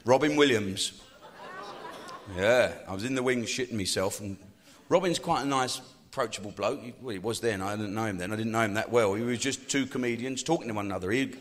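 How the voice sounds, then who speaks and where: An older English man, a comedian, telling profane stories in a cynical, animated way. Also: lowish voice, brisk. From England. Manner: swears constantly, animated and cynical. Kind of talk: profane anecdotal storytelling.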